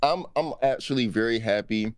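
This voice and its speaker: A man, a guest comedian, chatting on a podcast in an animated way, swearing freely and acting out other people's voices. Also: mid-range voice, normal speed, no room sound, studio quality. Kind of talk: casual podcast chat.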